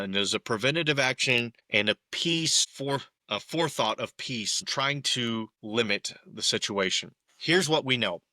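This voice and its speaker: Emphatic man, bright and dry. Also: on the low side, dry recording. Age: young adult. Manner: opinionated, emphatic, exasperated asides. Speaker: podcast co-host. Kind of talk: solo political commentary.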